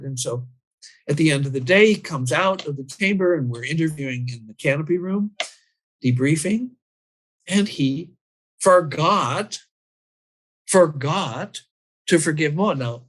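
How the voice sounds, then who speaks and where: A man's voice: fairly high pitch, expressive, a little slow, long pauses. A man explaining his training method and telling a story about a client, acting out his own lines as he goes.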